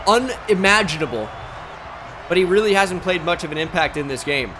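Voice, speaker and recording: Guy with a high voice yelling play-by-play over a football game, loud game noise behind. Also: normal speed. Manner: excitable play-by-play, shouting at big plays. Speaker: gaming YouTuber. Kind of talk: live game commentary.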